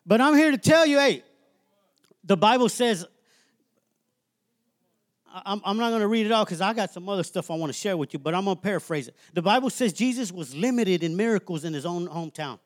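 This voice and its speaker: A man's voice: very high-pitched, lively intonation, fairly quick. A man preaching a sermon as a minister, emphatic and conversational, repeating phrases and laughing as he talks.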